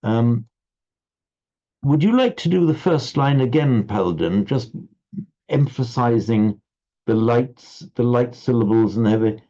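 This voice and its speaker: A man leads an online recitation class, explaining syllable rhythm patiently and stumbling into little restarts. His voice sits at a medium pitch. It comes through a slightly dull, lo-fi video call line. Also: dark tone. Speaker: Sanskrit recitation teacher.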